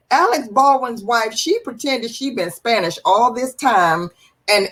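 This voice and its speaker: Chatty woman hosting a livestream. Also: fairly high pitch. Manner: lively, chatty, greets viewers by name. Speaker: livestream host. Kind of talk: live-stream chat show.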